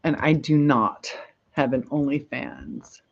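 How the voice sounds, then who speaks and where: A livestream host from Michigan, USA, chats casually in a low, gravelly, steady voice at a slow pace, rambling, reading viewer comments aloud, and laughing often. The lo-fi sound is kind of dull, with slight background noise.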